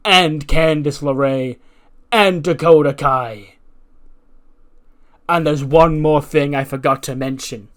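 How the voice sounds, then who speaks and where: A man voicing a stern male wrestling general manager, announcing a match with slow, drawn-out dramatic delivery. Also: a little high.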